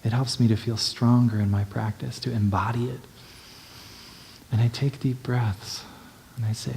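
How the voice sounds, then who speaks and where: Gentle, mellow-voiced male meditation teacher. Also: medium pitch, steady tone, creaky, slight background noise. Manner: gentle, unhurried, checks in with "right?". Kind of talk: dharma talk.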